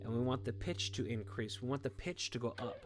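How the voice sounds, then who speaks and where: This man is a music teacher running a guitar lesson indoors, playing along, with a brisk, mid-range voice and lively intonation. He cheers his students on and repeatedly asks "okay?" and "all right?"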